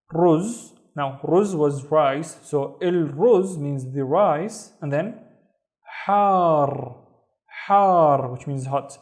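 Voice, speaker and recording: A man teaching an online language lesson, speaking slowly and carefully, with a Saudi Arabic accent, repeating each word for pronunciation. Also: fairly high pitch, darkish tone.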